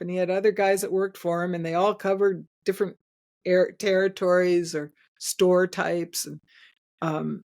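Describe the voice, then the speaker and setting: Older woman guest, chatty storyteller, lowish voice, laughs a lot. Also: vocal fry, darkish tone. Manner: chatty, laughs often, many restarts. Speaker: guest, inventor. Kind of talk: storytelling in casual interview.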